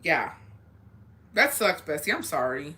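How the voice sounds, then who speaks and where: Reading viewer confessions, a young female advice vlogger answers them in casual, profane, laid-back chat, occasionally slipping into Spanish. Her low-pitched voice is very animated, bright and forceful, though a little slow.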